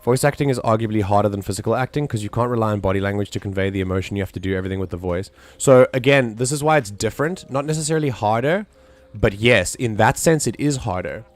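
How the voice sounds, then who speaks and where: A man's voice: on the low side, quick pace, no room sound. A man chatting casually on a live stream, rambling with many restarts and fillers.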